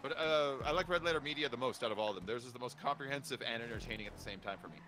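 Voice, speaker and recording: A man's voice: mid-range voice, rapid-fire, noisy background. A man hosting a gaming stream, chatting casually in a rambling way full of fillers. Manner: rambling, filler-heavy, lots of "like". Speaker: streamer host.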